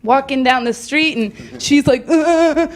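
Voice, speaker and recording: Young woman, stand-up comedian, giggly, rambling, self-mocking, live club stage, loud high acted-out quotes. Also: measured pace.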